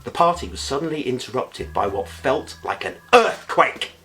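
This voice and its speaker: A man reads a bedtime story aloud in a playful, expressive way and drops in comic asides. His voice is animated and moves up and down freely, at a middling pitch. Faint music plays underneath. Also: normal speed.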